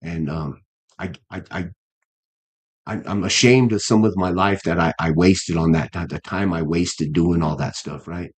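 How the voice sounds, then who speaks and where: A man's voice: sits low, moderate pace, slightly rough. A man in his fifties, a guest boxer in a casual interview, talking earnestly with many restarts and fillers. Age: 50s.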